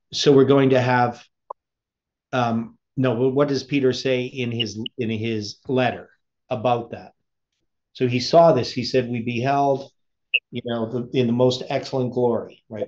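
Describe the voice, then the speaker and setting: A man's voice: medium pitch, steady tone, measured pace, a little mellow, dull audio. A man preaching, reading a sermon aloud with his own commentary and asking the listeners rhetorical questions.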